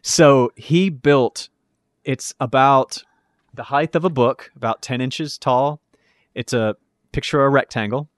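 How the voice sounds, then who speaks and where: A man's voice: medium pitch, unhurried, no echo, clean studio sound. A man co-hosting a podcast, rambling enthusiastically through a story in casual chat. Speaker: podcast co-host.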